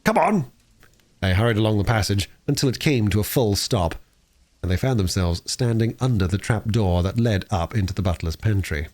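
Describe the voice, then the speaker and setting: A man reading a classic novel aloud in an expressive, lively storytelling manner, with the odd small slip. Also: lowish voice, brisk. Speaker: audiobook reader.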